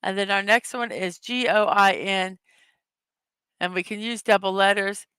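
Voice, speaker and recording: Woman, morning show host, casual chat, upbeat, unhurried, clear voice. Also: mid-range voice, steady tone, a bit bright, dry recording. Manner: upbeat, chatty, greets viewers by name; reads words slowly one at a time. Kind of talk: casual livestream chat, reading puzzle words and memes aloud.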